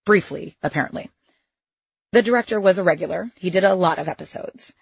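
A woman's voice: fairly low pitch, brisk, creaky, slightly rough, no room sound, dull audio. A woman reading her own memoir in the first person, with a wry, sardonic edge to her asides. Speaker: memoir narrator.

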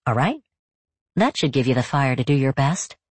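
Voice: medium pitch, big pitch swings, moderate pace, husky, dry recording. A narrator voicing a mother who teases and encourages her daughter, in a lifted, playful tone. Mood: teasing. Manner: teasing, encouraging. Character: warm teasing mother. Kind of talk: audiobook character voice.

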